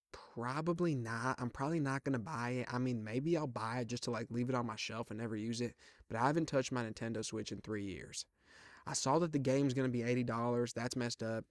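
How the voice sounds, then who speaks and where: A man's voice: medium pitch, no room sound, clean studio sound. A young man in his twenties hosting a comedic podcast solo, rambling and joking in a self-mocking way with lots of asides. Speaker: podcast host.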